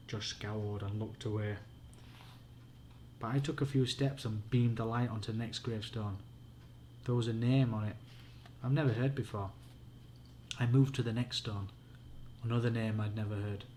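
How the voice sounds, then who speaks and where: A man's voice: on the low side, fairly even intonation, moderate pace, long pauses, a little mellow, a little hiss or hum. A man with a Yorkshire accent reading a spooky children's book aloud at home as a bedtime story, in a plain, unpolished way with the odd slip.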